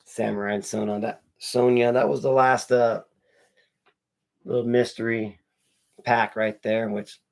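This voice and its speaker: A man's voice: medium pitch, flat delivery, measured pace, creaky, pauses often, darkish tone. A man casually recapping a horror movie with spoilers while unboxing comics, rambling and swearing as he quotes the characters. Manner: rambling, profane storytelling with quoted dialogue. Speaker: movie reviewer.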